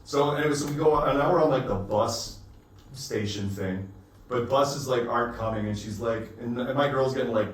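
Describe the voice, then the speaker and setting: A man's voice: mid-range voice, moderate pace. A man telling a rambling, profane anecdote as a podcast co-host, recorded in a casual chat. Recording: echoey room, distant mic, faint noise.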